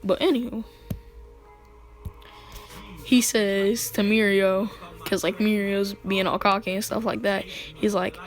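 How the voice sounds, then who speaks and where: Woman, casual storytelling, slangy and joking, laughs a lot, mid-pitched, faint background music. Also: steady tone, slow pace, long pauses. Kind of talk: casual fan-fiction storytelling.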